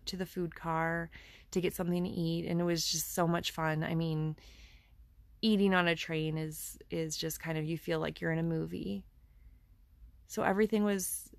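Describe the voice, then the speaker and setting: A woman's voice: lowish voice, gravelly, darkish tone, dry recording. A woman in her thirties telling a personal story in an earnest, conversational way, often restarting her sentences.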